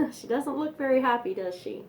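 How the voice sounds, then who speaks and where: A woman's voice: high-pitched, lively intonation, normal speed, a little mellow, a little hiss or hum. A young woman reading nursery rhymes aloud in a sing-song manner, with chatty asides between poems.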